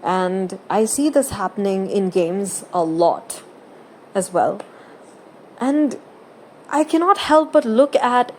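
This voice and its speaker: A woman's voice: medium pitch, a little mellow, slight background noise. A woman who makes gaming videos, talking through her opinions in casual, earnest and emphatic commentary.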